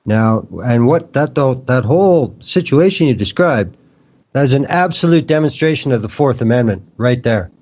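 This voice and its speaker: A man's voice: medium pitch, lively intonation, a little mellow. A man who works as an electrician, joining a casual political discussion and speaking bluntly, with everyday metaphors and swearing. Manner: slow, blunt, profane, explains with everyday metaphors. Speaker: electrician and panelist. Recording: dull lo-fi stream audio.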